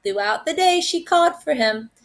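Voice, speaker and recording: A first grade teacher, a woman, reading a picture book aloud in an animated, expressive way. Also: sits high, moderate pace.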